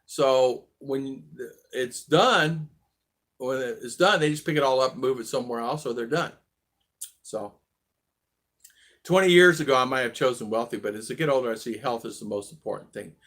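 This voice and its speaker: A man's voice: medium pitch, normal speed, fairly bright tone. A man in his sixties casually telling a personal story on his vlog, rambling and restarting his sentences. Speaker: vlog host.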